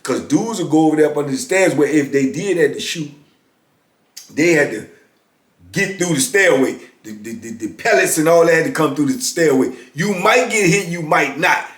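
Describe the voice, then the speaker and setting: A middle-aged man telling a story in a loose, conversational way and often checking in with his listener. His voice sits a little higher than most men's. He is recorded in an echoey room. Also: animated, moderate pace, a bit bright. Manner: conversational, often asks "you know what I'm saying". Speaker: vlogger telling prison stories. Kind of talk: casual storytelling.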